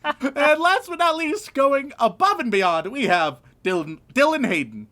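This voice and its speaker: A man's voice: very high-pitched, sing-song, unhurried, sharp tone. A man co-hosting a casual comedy podcast, wry and profane as he hands out jokey tasks. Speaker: podcast co-host.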